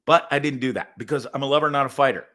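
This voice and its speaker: A man hosting his own show, telling a story in a profane, animated rant with sudden loud outbursts. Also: mid-range voice, fast talker. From Canada. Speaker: podcast host. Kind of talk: casual ranting monologue.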